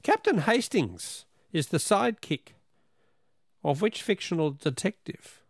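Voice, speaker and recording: Lively radio quiz host. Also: male voice, sits high, no echo, studio quality. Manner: upbeat, quick banter. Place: radio studio.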